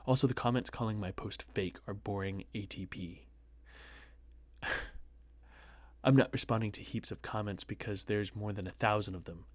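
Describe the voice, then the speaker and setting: A man's voice: on the low side, fairly even intonation, normal speed, pauses often, dry recording. Sarcastic young man reading posts, dry. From United States. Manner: sarcastic, mocking asides. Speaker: host reading online posts. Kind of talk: casual commentary on reading a post.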